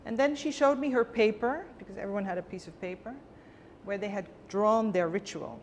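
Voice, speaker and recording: A woman with a mid-range voice speaks fairly quickly as a guest in a conversation, telling a personal story vividly and emotionally and acting out the dialogue. The recording has a long reverb and faint background noise.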